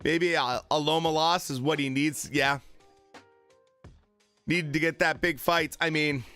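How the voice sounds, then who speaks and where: A man's voice: on the high side, steady tone, unhurried, bright, forceful tone, soft background music. A man chatting casually on a live stream about boxing, with many fillers and retold quotes.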